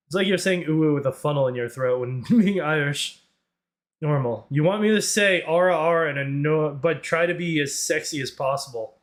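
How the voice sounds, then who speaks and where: A man's voice: a little high, normal speed. A man casually streaming a reaction, joking and laughing, and given to trying out silly voices.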